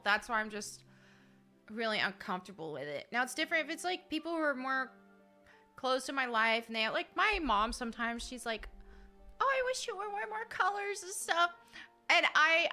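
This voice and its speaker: Bright, high-voiced woman streamer. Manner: chatty and giggly, with frequent fillers and restarts. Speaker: game streamer. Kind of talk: casual live-stream chat, reading viewer messages.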